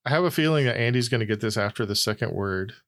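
A man hosting a trivia game, reading out questions and scores in a measured way. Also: medium pitch, expressive, fairly bright tone. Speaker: quiz host.

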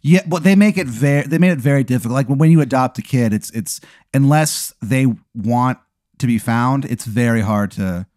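A man's voice: mid-range voice, normal speed, a little mellow, no room sound, studio quality. A man improvising as game master, rambling through the story with fillers and laughs. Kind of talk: improvised tabletop narration.

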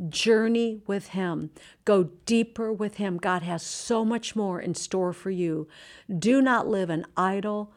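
A middle-aged Christian woman hosts a devotional talk in a medium-pitched voice. She speaks earnestly in slow, emphatic phrases, dropping to a soft hush during reflective moments.

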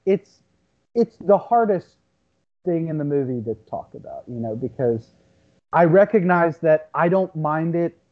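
A man in his thirties with a fairly high voice muses over a film as podcast co-host. His audio is dull and lo-fi, and he thinks out loud with frequent stops and restarts. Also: lively intonation, measured pace. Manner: reflective, thinks aloud with many restarts. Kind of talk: casual movie discussion.

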